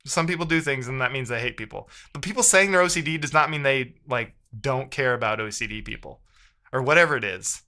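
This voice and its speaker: A man's voice: medium pitch, fairly quick, sharp tone. A man rambling in casual livestream chat with his viewers, frustrated and often correcting himself.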